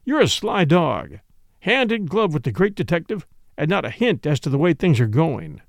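A bluff, jovial old retired colonel with a hearty, teasing way of talking, read by a male narrator. His tone swings widely in pitch. The voice is dry and close. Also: very animated, moderate pace, vocal fry, dry recording.

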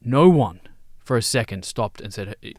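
An Australian man co-hosting a podcast in casual chat, an animated storyteller who calls people mate. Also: medium pitch, normal speed. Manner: animated storyteller, matey slang. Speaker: podcast co-host.

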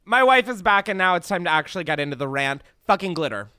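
A man with a bright, forceful voice, swearing his way through a comic rant on a podcast set. His pitch swings widely as he gets worked up. The sound is dry and close. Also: expressive, quick pace, clear, resonant tone, dry recording. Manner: profane, ranting, exasperated. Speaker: podcast host. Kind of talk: casual comedic chat. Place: studio set.

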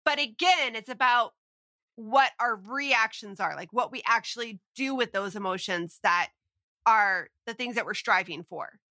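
Bright, fairly high woman co-host. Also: measured pace, dry recording. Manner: emphatic, laughs easily, goes off on tangents. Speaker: podcast co-host. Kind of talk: casual parenting podcast chat.

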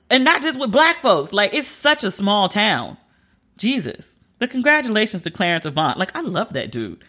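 Host brief: woman, bright forward tone, candid chatty celebrity-news commentator, emphatic asides. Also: mid-range voice. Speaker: pop culture commentator.

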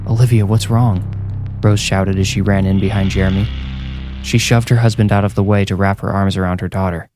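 A man reading a horror story in a slow, measured, ominous way. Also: sits low, little pitch movement. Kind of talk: scripted horror narration. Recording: narration over loud music.

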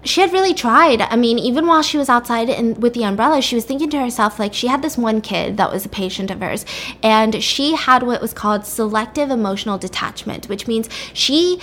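A woman's voice: fairly high pitch, animated, brisk, fairly bright tone. A woman casually retelling a story, chatty, with lots of "like" and "you know".

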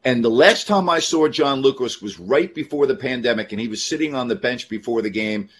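A man co-hosting sports talk radio, telling a story earnestly and chiming in with quick agreement. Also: mid-range voice, a bit bright, slightly rough.

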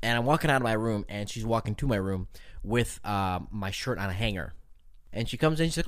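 A man's voice: fairly low pitch, expressive, a little fast. A young man co-hosting a podcast, chatting casually, swearing and laughing at himself as he tells stories. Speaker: podcast co-host. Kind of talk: casual chat.

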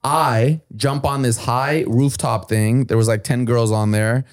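A man animatedly telling a story on a podcast, acting out the quotes and swearing freely in casual talk. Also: a little slow. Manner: acts out quotes with lively swings in pitch and volume.

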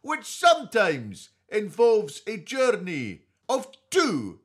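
A man doing a comic impression of a pompous older male political pundit, declaiming slowly and grandly. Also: high voice, huge pitch swings, heavy background noise, pitched above the performer's own voice, heavily acted.

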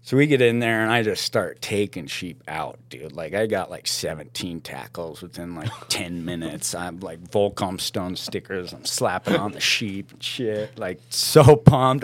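A man spins a wild tale with real gusto, his voice sitting a bit low. He is slangy and loose, laughing through the story. The recording is close and dry, with no room sound. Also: measured pace, few pauses, dry recording. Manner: animated, laughs often, slangy, calls people "dude". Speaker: podcast guest. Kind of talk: casual storytelling.

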